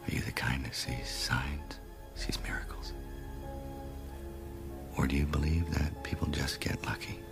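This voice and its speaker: A grave man pondering fate in a film, speaking in a very deep, gravelly half-whisper. His pitch rises and falls widely while music plays clearly underneath. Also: fairly even intonation, measured pace, pauses often. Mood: solemn. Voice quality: low hushed half-whisper. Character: solemn man musing on miracles and fate. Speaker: film character. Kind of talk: dramatic film monologue.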